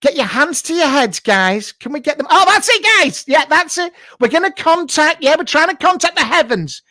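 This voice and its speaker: A man uses an exaggerated, expressive voice at an extremely high pitch, speaking at normal speed on a dry recording. In a comic improvised live stream, he plays a brash, camp, middle-aged male TV psychic hosting a live show from a home garage, shouting greetings with a blunt, rude, mock-mystical manner.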